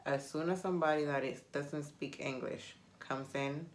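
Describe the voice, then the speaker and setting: A woman's voice: low-pitched, fairly even intonation, normal speed. A woman whose first language is Spanish, chatting casually to camera and rambling with self-mocking humor. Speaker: vlogger.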